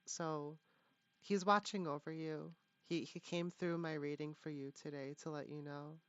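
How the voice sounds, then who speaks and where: Low-pitched female tarot reader, halting and filler-heavy, on a dull lo-fi mic. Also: fairly even intonation. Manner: halting, full of fillers and restarts. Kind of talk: live tarot reading. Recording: dull lo-fi, dry sound.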